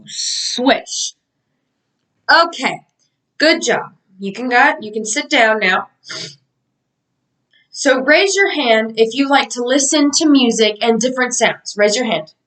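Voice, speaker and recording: Bright-voiced young woman teaching kids. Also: on the high side, distant mic, rough recording. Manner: upbeat teacher voice, slow and sing-song. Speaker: college student teaching a mock class. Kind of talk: mock classroom lesson for children.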